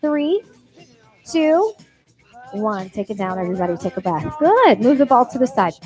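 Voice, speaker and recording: Over background workout music, a female barre instructor counts reps and cheers her class on with happy whoops. Her voice is a little high and darkish, swinging widely in pitch at a normal speed, and the recording is rough.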